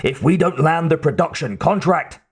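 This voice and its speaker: A man's voice: a little high, animated, normal speed, husky, voice pushed up, exaggerated voice. A man reading as an impatient male defense executive who grumbles and pushes. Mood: grumbling. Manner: grumbling, pushy.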